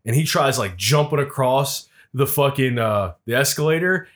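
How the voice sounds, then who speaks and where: A man talks in an easy, mid-pitched voice, settling into long street anecdotes. His telling is loose and profane and drifts along at a relaxed, chatty pace. It sounds like a casual podcast between friends. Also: normal speed. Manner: profane, laid-back anecdotes. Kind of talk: casual storytelling chat.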